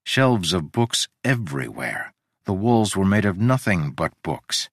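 Male story narrator, low and lively, measured, dry close mic. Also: husky, dry recording. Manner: measured and descriptive.

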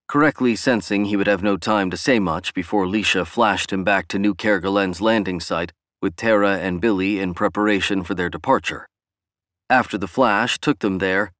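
Audiobook narrator, man, lowish voice, dry close read. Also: fairly bright tone, dry recording. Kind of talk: scripted narration.

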